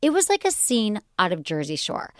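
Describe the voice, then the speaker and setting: A middle-aged woman hosting a podcast, chatting casually and telling a story with animated delivery, acting out voices as she goes. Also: mid-range voice, normal speed, dry recording, clean studio sound. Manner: animated, acts out voices in stories. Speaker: podcast host.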